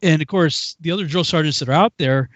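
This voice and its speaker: A man's voice: on the high side, fast talker, a bit bright, no echo. A man co-hosting a talk show, telling a story casually and laughing often as he goes. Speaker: co-host.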